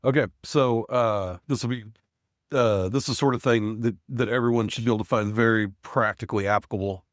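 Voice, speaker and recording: A man's voice: lowish voice, fairly even intonation, a little fast, dry recording, clean studio sound. A man in his forties, a podcast guest, telling a work story in casual conversation with lots of fillers and restarts. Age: 40s. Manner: rambling, frequent restarts and fillers. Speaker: podcast guest, business owner.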